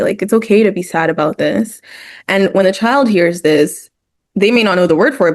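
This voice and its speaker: A woman's voice: lowish voice, a little mellow. A woman speaking as a therapist guest in an educational discussion, explaining ideas point by point and sometimes acting out short quoted voices.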